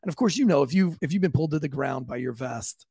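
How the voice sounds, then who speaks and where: A man, a police officer, casually telling a profane, lively story on a podcast and acting out the voices of the people in it. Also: on the high side, quick pace, creaky, faint music behind.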